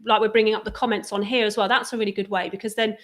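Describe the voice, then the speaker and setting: A woman's voice: medium pitch, little pitch movement, rapid-fire. A woman appearing as a guest on a live stream, chatting casually and offering encouraging advice.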